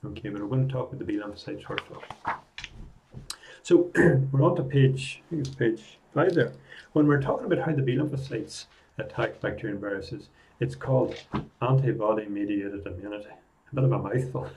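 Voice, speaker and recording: A middle-aged man teaching a biology lesson, going over each step again and again and often clearing his throat. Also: mid-range voice, darkish tone, poor audio. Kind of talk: recorded classroom lesson.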